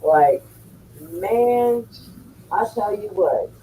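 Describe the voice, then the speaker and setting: A woman spins a long blunt story, swearing freely as she chats with her listeners. Her voice is warm and dark. A faint hiss sits under the recording. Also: mid-range voice, animated, drawn-out words, distant mic, poor audio. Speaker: streamer chatting with viewers. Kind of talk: casual chat.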